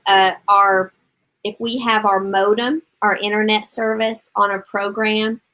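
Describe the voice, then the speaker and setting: A woman's voice: medium pitch, a bit bright, rough recording. A middle-aged woman gives parenting advice on a live stream with an upbeat, encouraging voice. She speaks straight to the parents watching, with a voice in the middle of the range for a woman, and reads out and answers viewer comments. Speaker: parenting coach.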